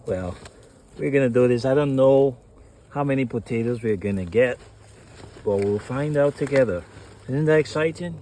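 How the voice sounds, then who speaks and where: A man vlogging outdoors in his garden, patiently encouraging children through a task with a steady, instructive manner. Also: mid-range voice, normal speed, long pauses, slight background noise. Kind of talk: casual instructional vlog.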